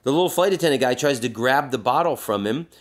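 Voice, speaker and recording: A man's voice: mid-range voice, fast. A man hosting a podcast, telling a story with crude jokes and reading passages aloud. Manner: animated storyteller, crude jokes, acts out voices. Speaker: podcast host.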